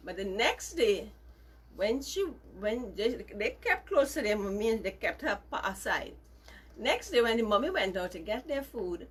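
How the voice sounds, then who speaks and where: A woman telling a story to children, gentle and emphatic, with lots of repetition. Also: mid-range voice, very animated, normal speed, slightly rough.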